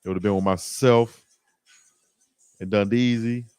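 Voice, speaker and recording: A man's voice: fairly low pitch, measured pace, clean tone, no echo. Laughing, slangy man hosting a live stream. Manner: animated, laughing, slangy banter. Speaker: live-stream show host. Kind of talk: casual live-stream chat.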